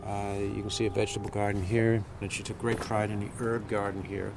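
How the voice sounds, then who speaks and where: Man showing ppl round a garden, slow halting recollection, raspy low voice, noisy outdoor recording. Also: flat delivery. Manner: halting, reflective, many fillers. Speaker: widower giving a home tour. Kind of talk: interview recollection while walking. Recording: outdoor noise with passing traffic.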